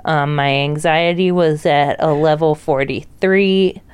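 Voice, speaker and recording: A woman's voice: deep voice, slow, noisy background. A woman co-hosting a podcast in casual chat, blunt and profane, telling stories with animation. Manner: blunt, swears freely, animated storytelling. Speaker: podcast co-host.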